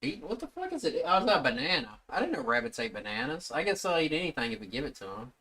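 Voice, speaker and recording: Animated, swearing male streamer. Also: on the high side, fast talker. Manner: profane, blurting reactions to clips. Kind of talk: live stream reaction commentary.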